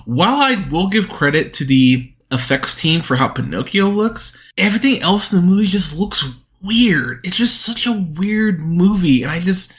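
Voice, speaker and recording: A man's voice: high voice, lively intonation, moderate pace, hardly any pauses, fairly bright tone. A man hosting a movie podcast, ranting profanely and with exasperation about bad films, often restarting his sentences. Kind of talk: solo movie review rant.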